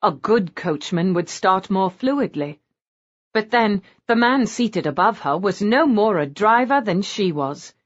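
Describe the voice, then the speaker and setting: A woman narrating a romance audiobook in a scripted style, with a lively, varied delivery. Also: mid-range voice, measured pace. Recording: dull lo-fi audio.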